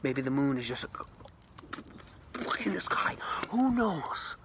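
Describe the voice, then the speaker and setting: A man rambling as a boastful mock self-help guru, jumping between loud bursts and hushed whispers with a self-described put-on accent and lisp. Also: big pitch swings, slow pace, noisy background. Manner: rambling, boastful, absurd know-it-all; sudden pitch jumps and dropped whispers. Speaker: comedic vlogger.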